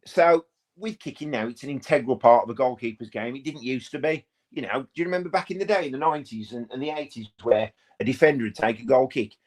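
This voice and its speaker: A man hosts a live football watch-along from his home. He talks casually and rambles to his viewers, then breaks into quick play-by-play when the action heats up. His voice sits at an ordinary middle pitch for a man. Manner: chatty, rambling, bursts into excited play-by-play. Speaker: fan channel host.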